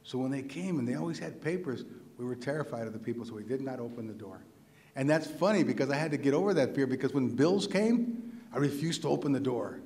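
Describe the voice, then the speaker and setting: A man from New Mexico whose first language is Spanish, a visiting writer telling a personal story to a live audience in an animated, humorous way, acting out the voices he quotes. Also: mid-range voice, quick pace. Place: university lecture hall. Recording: echoey hall.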